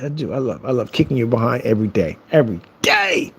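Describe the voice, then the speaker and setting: A man's voice: mid-range voice, big pitch swings, fast, vocal fry, breathy edge, lo-fi sound. A man vlogging a casual, boastful rant to camera, taunting his critics and repeating phrases for effect. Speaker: business owner and vlogger.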